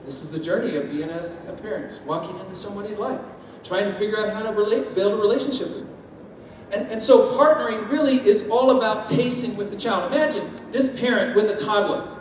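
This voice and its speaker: A man giving a lively talk to an audience, using food analogies and acting out quoted voices. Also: sits high, a little fast, slight background noise. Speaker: speaker on step parenting. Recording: echoey hall from far off, faint ambience.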